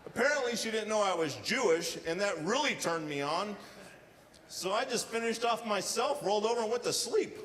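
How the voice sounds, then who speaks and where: A man performing a stand-up comedy set with deadpan storytelling and acted-out quotes, on a casino showroom stage. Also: high voice, moderate pace, a little hiss or hum. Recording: live hall reverb with faint ambience.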